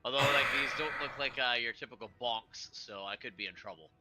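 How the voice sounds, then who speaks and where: A man playing a tabletop game, chatting casually with quick, wry remarks. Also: medium pitch, very noisy. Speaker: player.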